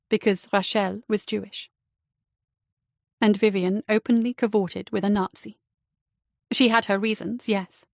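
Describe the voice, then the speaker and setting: A woman reads a novel aloud in a steady, even storytelling manner. Her voice has a gravelly grain, recorded close and dry on a studio mic with no room sound. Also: medium pitch, unhurried, pauses often, no echo. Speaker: audiobook narrator. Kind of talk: scripted narration.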